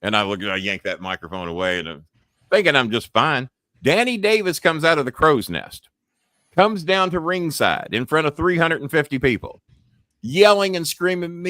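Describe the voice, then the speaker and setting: A man hosting a show, telling a profane, animated story and acting out the yelling voices. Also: a little high, normal speed, no room sound, studio quality. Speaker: host. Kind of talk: casual storytelling chat.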